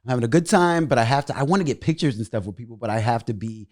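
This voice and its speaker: A young man, a stand-up comedian guest, telling stories in an animated, excitable way and swearing freely. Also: mid-range voice, rapid-fire, no room sound, clean studio sound. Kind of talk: animated storytelling in casual chat.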